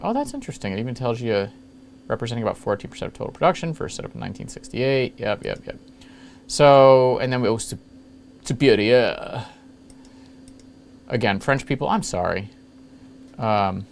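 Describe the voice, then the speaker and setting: A man's voice: mid-range voice, vocal fry. Man host, offhand and self-mocking, mid-range voice, light hiss behind. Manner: jokey, rambling, self-mocking asides. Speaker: retro computing video host. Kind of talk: casual screen-capture walkthrough.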